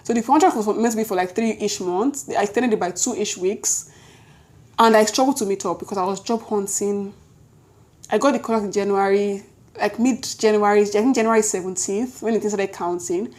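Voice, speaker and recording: A young woman with a Nigerian accent, telling a story in a lively, chatty way to her vlog audience. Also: mid-range voice. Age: young adult. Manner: lively, chatty, quick self-corrections, Nigerian slang interjections. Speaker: vlogger. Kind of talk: casual storytelling to camera.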